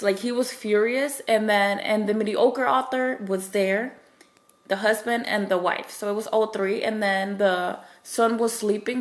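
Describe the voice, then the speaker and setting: A woman casually recapping a novel's plot for viewers, rambling with lots of fillers and restarts and acting out the characters' lines. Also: medium pitch. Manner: acts out characters' quoted lines. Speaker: book reviewer. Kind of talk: casual spoilery book recap.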